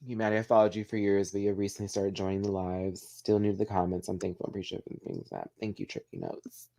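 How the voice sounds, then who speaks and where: A man hosts a casual live chat, choked up and emotional. His voice sits a little low, and he talks in an open, heartfelt way, swearing freely as he reads comments. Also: expressive, fast talker, gravelly, mellow. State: tearful, emotional. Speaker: livestream host.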